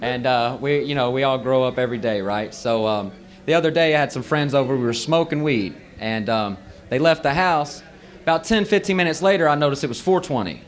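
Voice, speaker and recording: This open-mic comic, a man in his thirties with a Southern accent from the American South, talks fairly quickly in a mid-range voice. On the bar stage his set is loose and profane, his stories broken up by drawled asides.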